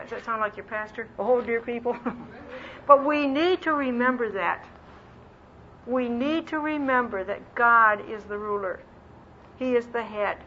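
A woman teaching a Bible lesson as a sermon, earnest and slowing down to stress key phrases, acting out little quoted voices with self-deprecating humor. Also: a little high, sharp tone. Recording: dull lo-fi recording with faint background hiss.

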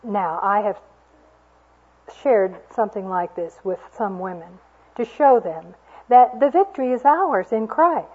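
A woman's voice: medium pitch, animated, measured pace, breathy edge. A woman giving an earnest, storytelling sermon to a women's gathering, with homely asides. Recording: dull lo-fi recording.

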